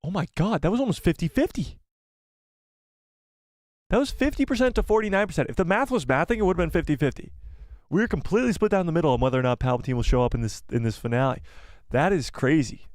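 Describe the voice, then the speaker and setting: A man hosting a casual live stream, excitably reading viewer comments aloud and swearing casually. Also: a little high, a little fast, no room sound, studio quality.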